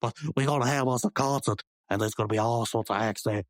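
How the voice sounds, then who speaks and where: A man's voice: medium pitch, steady tone, quick pace, no echo, studio quality. A man co-hosting a comedy podcast, rambling through an improvised bit full of slang and bravado. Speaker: podcast co-host.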